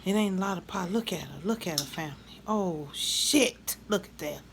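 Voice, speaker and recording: A woman, chatting loudly with her viewers in a casual home cooking vlog, laughing and cursing freely. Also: on the low side, moderate pace, noisy background. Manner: loud, laughing, swears freely, talks to viewers. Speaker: mukbang vlogger. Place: home kitchen.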